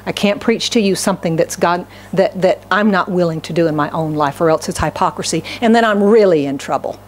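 A woman pastor preaching a sermon in a church. She swings between raised, fervent declarations and hushed, near-whispered pleading, and keeps putting questions to the congregation. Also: fairly low pitch, brisk, slight background noise. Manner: asks the congregation rhetorical questions. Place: church sanctuary.

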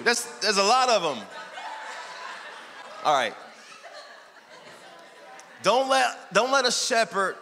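A man preaching a sermon as pastor, energetic and joking, with bursts of shouting. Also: high-pitched. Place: church sanctuary. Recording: long hall reverb.

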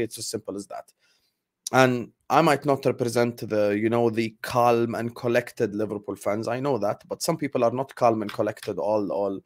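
Fuming young man ranting about football. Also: fairly low pitch. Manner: angry, repetitive, emphatic outbursts. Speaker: football channel host. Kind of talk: heated fan rant.

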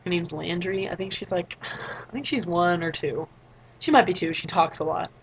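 A woman's voice: on the low side, moderate pace, slight background noise, low-quality recording. A teenage girl telling a story in a casual vlog, chatty, acting out other people's lines. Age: late teens. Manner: chatty, acts out quoted voices, frequent "like". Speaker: vlogger.

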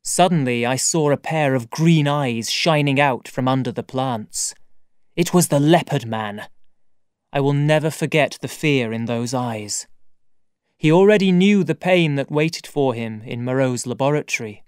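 Male narrator: unhurried, resonant, slightly high voice; dry close-mic studio read. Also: clear, resonant tone, no echo. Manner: measured, deliberate storytelling. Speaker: audiobook narrator. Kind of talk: scripted narration.

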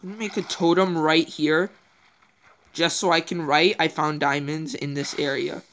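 A woman's voice: deep voice, fairly even intonation, normal speed. A woman hosting a gameplay video, thinking aloud in casual, rambling commentary as she plays.

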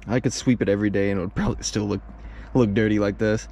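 A man's voice: on the low side, fairly even intonation, fast, dark tone, slight background noise. A man in a casual vlog, rambling and self-deprecating as he tidies his van and talks to viewers through a camera mic. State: out of breath on the climb. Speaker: van life vlogger. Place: in and around a van, then on a wooded hiking trail outdoors.

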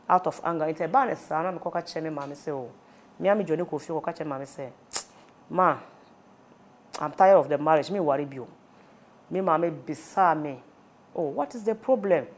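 Her voice is fairly low and a little mellow as this woman, who has a Ghanaian accent, gives emotional testimony in an interview. She recounts a painful personal story, switching between Twi and English.

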